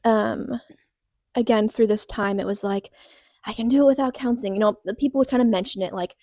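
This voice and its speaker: Woman podcast co-host, fairly high voice, dry close sound, rambling heartfelt chat. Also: steady tone, fairly quick, dark tone, no room sound. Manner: rambling, full of "like" fillers and restarts; earnest, openly vulnerable. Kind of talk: casual personal podcast chat.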